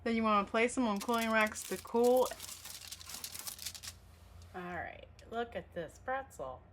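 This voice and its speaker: A woman's voice: on the high side, measured pace, a little hiss or hum. Friendly woman host of a home cooking show. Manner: friendly instructional, talks with mouth full.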